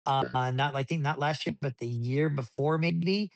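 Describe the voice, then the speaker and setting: A man telling racing stories in a casual interview, rambling with many restarts and getting animated as he recounts events. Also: on the high side, normal speed, creaky, dry recording, dull audio. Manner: rambling with frequent restarts, animated when retelling. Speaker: desert racing driver, podcast guest.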